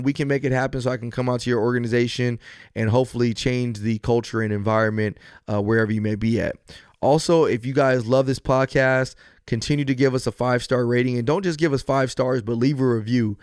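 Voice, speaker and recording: A man's voice: mid-range voice, fairly quick, smooth, dry recording, clean studio sound. A man hosting a podcast on his own, earnest and encouraging, then joking as he tells a story. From US West Coast. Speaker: podcast host. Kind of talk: solo podcast talk.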